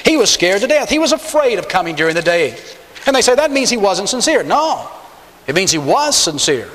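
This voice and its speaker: A man preaching a sermon, stressing key words by jumping up in pitch and slowing down. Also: big pitch swings, a bit bright, slight background noise. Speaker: pastor. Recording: long hall reverb.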